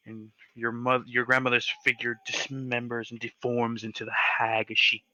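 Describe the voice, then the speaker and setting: A man's voice: mid-range voice, level tone, normal speed, hardly any pauses, bright, forceful tone, no room sound, dull audio. A man narrating as game master in a casual, loose way.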